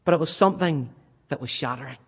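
A man preaching a sermon in a church, swinging from loud, vivid passages to hushed, almost whispered questions. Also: on the high side, fast, husky, long reverb tail.

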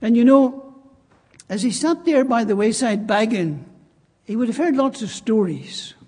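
A man's voice: extremely high pitch, expressive, measured pace, dark tone, slightly rough. A man preaching a sermon in church, emphatic and repeating his key phrases. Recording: long reverb of a church hall.

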